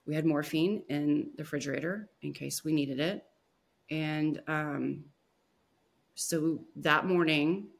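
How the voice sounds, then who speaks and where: A woman guest on a podcast, telling a personal story in a soft, emotional way with many pauses and restarts. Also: low voice, gravelly.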